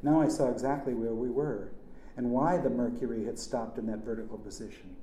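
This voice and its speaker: A man's voice: medium pitch, fairly quick, warm tone. A man narrating a first-person story in a plain, earnest manner. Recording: echoey room.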